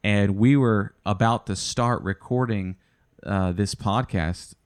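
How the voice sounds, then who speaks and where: A man's voice: lowish voice, slow pace, clean tone. A man hosting a family podcast over a video call, joking and teasing his guests. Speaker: podcast host. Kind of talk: casual chat.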